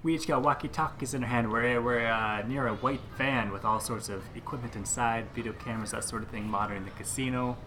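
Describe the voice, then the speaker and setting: A man setting the scene for a tabletop role-play in a quick, casual way. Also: medium pitch, steady tone, background noise. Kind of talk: improvised game narration.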